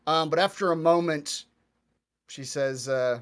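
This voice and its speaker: Brief: high-voiced male game master narrating a tabletop session, easy and joking. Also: measured pace, smooth. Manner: relaxed, laughing, chatty. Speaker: dungeon master.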